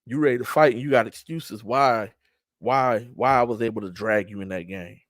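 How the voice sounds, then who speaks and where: A man's voice: fairly low pitch, moderate pace, no echo. Emphatic streetwise man, dry close sound. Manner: emphatic, trash-talking streetwise delivery with repeated restarts. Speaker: show host and event organizer. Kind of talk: casual talk-show monologue.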